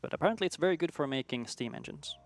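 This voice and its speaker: A man's voice: a little high, expressive, rapid-fire, faint music behind. A man narrating the game story in a laid-back way. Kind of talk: casual commentary.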